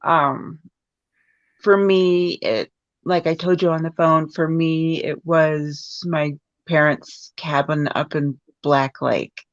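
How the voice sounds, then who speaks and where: Slow, low-voiced woman guest. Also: steady tone, no echo, muffled recording. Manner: halting, with many fillers and restarts. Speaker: podcast guest. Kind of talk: casual conversation.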